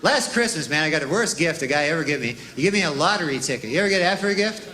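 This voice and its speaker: A man doing a stand-up routine in a drawling, deadpan way, with rambling asides. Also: fairly high pitch, rapid-fire. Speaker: stand-up comedian. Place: comedy stage before a live audience. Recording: live club recording with audience laughter and noise.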